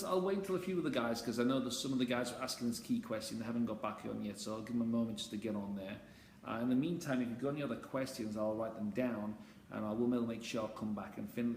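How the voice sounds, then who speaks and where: A man's voice: medium pitch, fast, a little mellow. A man with a blunt, casual manner who swears freely, giving a dating coach's talk on a phone live stream. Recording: echoey room with faint ambient noise.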